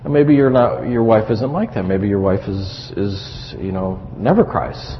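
A man's voice: fairly low pitch, unhurried, few pauses, dark tone. A middle-aged man preaching a conversational sermon on marriage, with frequent asides to the congregation. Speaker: pastor. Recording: dull lo-fi recording in a reverberant hall.

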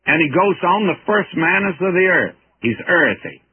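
A man's voice: high-pitched, animated, normal speed, a little hiss or hum. A man teaching the Bible verse by verse in a folksy, earnest, emphatic way. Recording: tinny old radio broadcast.

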